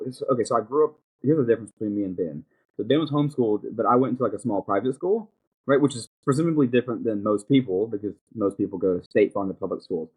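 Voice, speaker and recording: Husky-voiced young man rambling casually. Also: mid-range voice, darkish tone. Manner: rambling, thinking aloud with many fillers. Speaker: podcast host. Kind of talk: casual chat.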